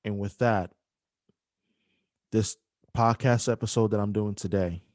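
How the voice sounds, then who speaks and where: Somber low-voiced male podcast host. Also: fairly even intonation, a little mellow, no echo, studio quality. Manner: halting, emotional, with many restarts. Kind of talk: emotional podcast dedication and interview.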